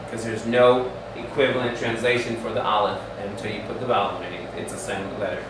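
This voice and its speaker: A man's voice: fairly low pitch, flat delivery, fast. A man teaching a Hebrew lesson patiently, drilling the class and checking in with frequent questions. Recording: echoey room from far off, faint hum.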